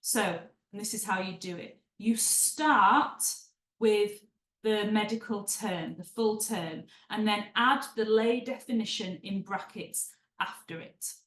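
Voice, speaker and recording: A woman leads a webinar as a writing trainer, in a friendly, conversational way with small asides. Her voice sits at a middle pitch for a woman. The room adds a noticeable echo. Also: slow, a bit bright. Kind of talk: webinar teaching.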